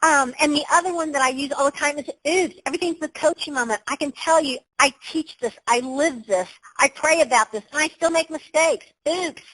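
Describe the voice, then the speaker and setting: A woman's voice: high voice, brisk, hardly any pauses, a bit bright, low-quality recording. A woman giving a motivational webinar talk over her computer, emphatic and upbeat, with exclamations. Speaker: webinar presenter.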